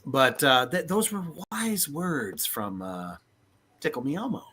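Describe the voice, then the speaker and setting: Male podcast host, lively swooping pitch, bright tone, unhurried, profane and laughing. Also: slightly rough. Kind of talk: casual comedic chat.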